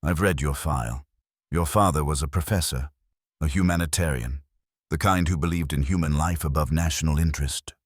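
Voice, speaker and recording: Cold menacing colonel, read by a man in a very deep, dry voice. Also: fairly quick, no room sound. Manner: cold, clipped, threatening. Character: stern cold male German colonel.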